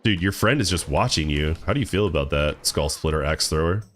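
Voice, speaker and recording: A man's voice: a bass voice, animated, a little fast, a bit bright, a little hiss or hum. A young man streaming a game, chatting casually with his viewers in a laid-back, rambling way that stumbles and repeats words. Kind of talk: casual live-stream chat while gaming.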